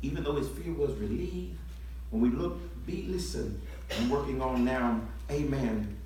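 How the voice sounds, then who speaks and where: A man preaching a sermon, building from quiet talk into shouted call-and-response to the congregation. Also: mid-range voice, unhurried, slight background noise. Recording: echoey church from far off.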